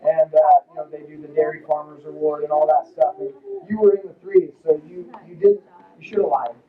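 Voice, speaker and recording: A man, a high school wrestling coach, giving a casual, rambling, joking awards speech at a banquet in a lodge hall. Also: fairly even intonation, a little fast, narrow, tinny audio.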